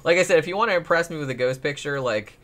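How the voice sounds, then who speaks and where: A man's voice: on the high side, expressive, fast, fairly bright tone. Rambling, profane male podcast co-host. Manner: rambling, profane, laughs often. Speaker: podcast co-host recapping a case. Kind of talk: casual chat.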